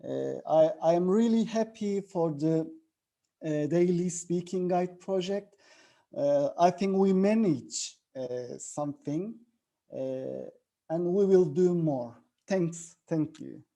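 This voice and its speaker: Slow, halting man on a panel. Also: high voice, creaky, mellow. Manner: halting, many filler sounds. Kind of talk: panel discussion.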